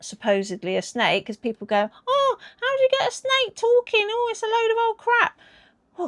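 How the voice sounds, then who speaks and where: Brief: woman vlogging to camera, mid-pitched, emphatic and chatty with asides. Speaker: video host. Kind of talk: casual talk to camera.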